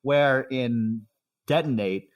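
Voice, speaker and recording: A man's voice: medium pitch, slow, distant mic, muffled recording. A man co-hosting a podcast about music albums, chatting casually with many fillers and frequent laughs. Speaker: podcast co-host. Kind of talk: casual chat.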